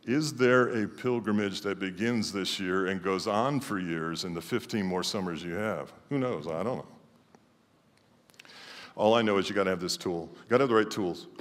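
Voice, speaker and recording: A middle-aged male pastor preaching a sermon emphatically, swinging between loud declarations and quiet asides. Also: sits low. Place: church sanctuary. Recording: long church hall reverb.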